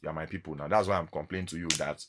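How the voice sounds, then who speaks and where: Speaking with a Nigerian accent, a man with a bass voice races through a casual vlog monologue, acting out encounters in animated storytelling. Background noise can be heard.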